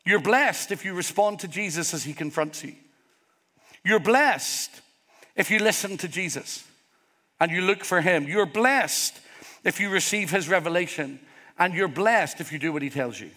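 Northern Irish pastor preaching in an echoing hall. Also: male voice, sits high, fairly quick, sharp tone. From Northern Ireland. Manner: earnest, emphatic preaching with rising repeated phrases. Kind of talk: sermon. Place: church hall with congregation. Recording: long hall reverb.

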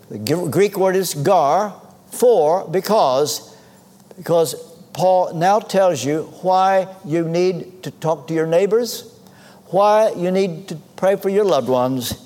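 Male preacher, high lively voice, slow emphatic sermon, echoing church hall. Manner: emphatic, rhetorical questions.

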